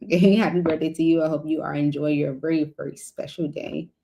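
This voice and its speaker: A woman's voice: low voice, fairly even intonation, a little fast, creaky, warm tone. A middle-aged woman giving a casual tarot reading, chatty and rambling with lots of fillers. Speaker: tarot reader.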